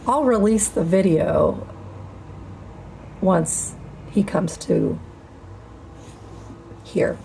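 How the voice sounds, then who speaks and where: Slow, gravelly woman preaching defiance. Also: on the low side, mellow, a little hiss or hum. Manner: defiant, profane, drawn-out emphatic phrasing. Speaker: spiritual channel host. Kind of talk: spiritual monologue to camera.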